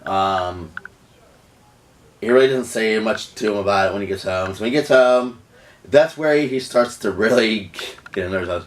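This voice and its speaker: A man's voice: on the low side, normal speed, recorded from a distance, slight background noise. A man casually telling a storytime tale, rambling with lots of restarts and "you know"s. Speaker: vlogger.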